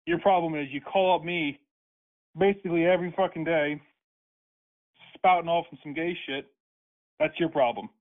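A man's voice: a little high, normal speed, pauses often. A man on a phone call, ranting angrily and hurling profane insults. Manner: angry, profane, insulting rants. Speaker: prank call target. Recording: tinny phone line.

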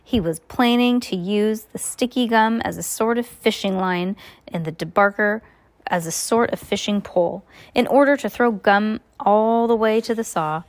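A woman's voice: mid-range voice, moderate pace. A woman reading a children's novel aloud at home in an unpolished way, stumbling and restarting. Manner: adds offhand casual remarks. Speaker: reader.

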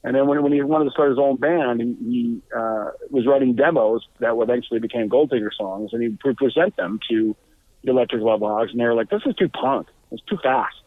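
A man who is a guest musician, telling stories casually, animated and halting, with restarts and swearing. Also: dry recording. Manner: animated, acts out quotes with raised pitch. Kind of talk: casual storytelling. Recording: tinny phone-like line.

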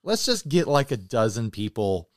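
Podcast guy rambling along, smooth clear voice, no room sound at all. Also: mid-range voice, moderate pace, dry recording, studio quality. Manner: relaxed, rambling, thankful. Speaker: podcast co-host. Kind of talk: casual chat.

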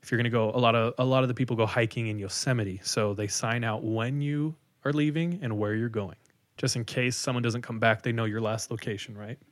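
On a podcast, a man casually retells a story, animated and packing in "like" as he acts out quotes. His voice is medium-pitched and his delivery brisk.

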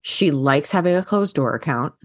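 A woman's voice: deep voice, lively intonation, moderate pace. A woman co-hosting a book podcast, talking casually with many fillers and restarts. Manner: chatty, frequent fillers and restarts. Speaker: podcast co-host. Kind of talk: casual book review chat.

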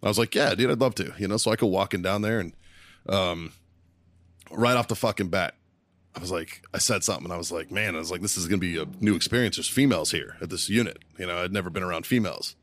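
A man in his thirties telling barracks stories on a podcast, profane and animated, often breaking into laughter. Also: deep voice, fast. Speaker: podcast co-host. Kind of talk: casual storytelling.

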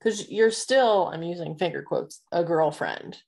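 Lady host, low voice, slow n hesitant, keeps restarting her question. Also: creaky, a little mellow. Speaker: podcast co-host. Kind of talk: casual interview chat.

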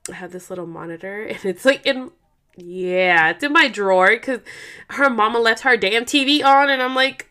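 A woman's voice: medium pitch, moderate pace, sharp tone. A woman, hosting a vlog in casual chat, rambling and swearing freely as she tells stories. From Oakland, California. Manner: rambling, profane, slangy storytelling. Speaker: vlog host.

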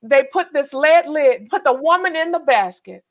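High-voiced woman exhorting emphatically. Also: lively intonation, moderate pace. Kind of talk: encouraging preaching-style reflection.

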